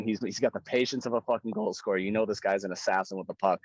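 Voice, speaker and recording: A man's voice: lowish voice, fairly even intonation, fast talker, hardly any pauses, no room sound, rough recording. A young man in his twenties, a pro hockey goaltender, recounting a game in casual, emotional storytelling, swearing and repeating phrases as he gets caught up.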